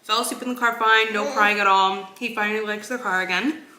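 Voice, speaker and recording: A woman's voice: medium pitch, steady tone, brisk, bright, forceful tone, echoey room. A young woman chatting casually in a vlog, talking while she eats at home. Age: young adult. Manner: chatty, talks while eating. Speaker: vlogger.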